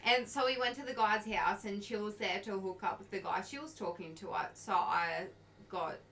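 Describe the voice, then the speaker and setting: A woman's voice: medium pitch, normal speed, a bit bright, a little hiss or hum, poor audio. A woman, co-hosting a podcast and telling a story in a loose, sweary way full of likes and laughs. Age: early 20s. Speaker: podcast co-host. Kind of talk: casual storytelling chat.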